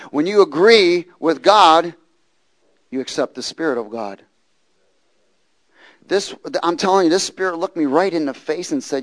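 Impassioned preacher man, fairly high voice. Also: moderate pace. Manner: impassioned preaching, swings from hushed storytelling to loud fervent bursts; repeats phrases for emphasis. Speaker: pastor. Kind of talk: sermon.

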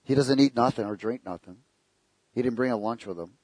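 A man's voice: medium pitch, fairly quick, darkish tone, husky, no echo. A man preaching a sermon, telling stories with jokes and asking the congregation rhetorical questions.

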